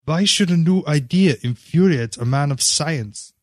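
A man's voice: a little high, lively intonation, a little slow, darkish tone, dry recording, studio quality, voice pushed up. A man voicing an earnest, idealistic seventeen-year-old boy who speaks politely and formally. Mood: puzzled.

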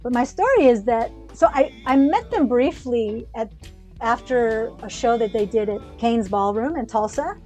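An American woman tells a long story on a podcast with lively, rambling energy. She restarts her sentences often. Her voice sits a bit high, with faint music underneath. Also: normal speed. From United States. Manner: animated, rambling with many restarts. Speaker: podcast co-host. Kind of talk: casual storytelling conversation.

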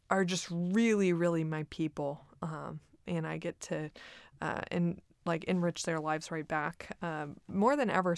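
Young woman vlogger, casual and rambling, slightly low voice, dry close sound. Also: vocal fry, clean tone, dry recording. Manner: chatty, many fillers, laughs often. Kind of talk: casual personal reflection. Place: home in Austin.

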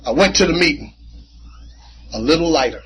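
At a recovery meeting, a man tells his personal story in an animated, conversational style, using casual slang and repeating himself often. His voice is on the high side and brisk. The meeting room has a noisy background.

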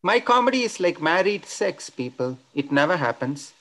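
Indian-accented man doing deadpan stand-up. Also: on the high side, normal speed. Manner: deadpan one-liners with crude punchlines. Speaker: stand-up comedian. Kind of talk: stand-up comedy set. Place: comedy club open mic.

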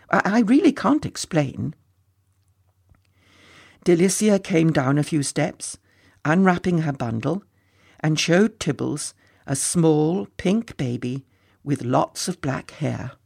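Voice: medium pitch, animated, measured pace, gravelly, a little mellow, slightly rough. A storyteller reading a children's story aloud, with playful, chatty asides to the listeners. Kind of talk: storybook narration.

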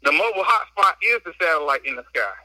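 A man's voice: fairly high pitch, big pitch swings, fast, bright, forceful tone, dry recording, poor audio. A man guest on a casual podcast, talking through a phone while out on a walk, slightly out of breath, emphatic and slangy as he vents. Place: outdoors on a walk.

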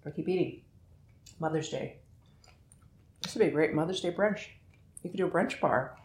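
Deep, a little mellow, and reverberant, this middle-aged woman speaks at normal speed while hosting a casual podcast chat in her home kitchen. She pokes fun at herself and talks between mouthfuls.

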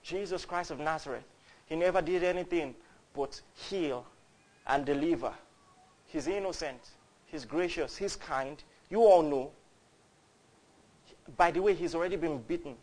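A man's voice: on the high side, darkish tone. A man, voicing a pompous, scheming Roman governor during a sermon. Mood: exasperated. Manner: smug, brisk, exasperated.

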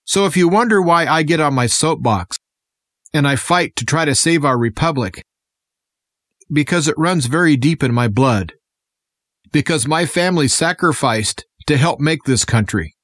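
A man from the United States guest-presenting a radio segment, his voice sitting somewhat high for a man. He speaks in an earnest, impassioned way. The sound is dry and close, with no room around it. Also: expressive, normal speed, fairly bright tone, dry recording. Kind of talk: scripted radio monologue.

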